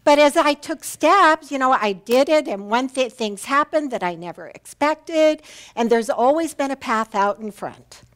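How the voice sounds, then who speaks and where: A woman's voice: a little high, expressive, moderate pace. A woman minister giving a Sunday sermon, telling a personal story in a heartfelt, earnest way. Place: church sanctuary.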